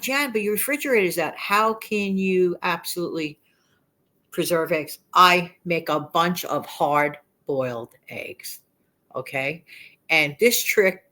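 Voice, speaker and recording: Chatty older woman with a New York accent, slightly low voice, rambling and emphatic delivery. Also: a bit bright. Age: 60s. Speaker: frugal living vlogger. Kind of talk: casual chat to camera.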